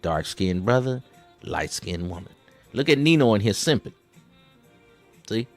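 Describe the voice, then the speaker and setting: A man's voice: lowish voice, big pitch swings, a little slow, soft background music. A man hosting a satirical commentary over clips. He rambles, keeps repeating "see", stumbles over restarts and talks in Southern slang with a drawl. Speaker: host reacting to clips.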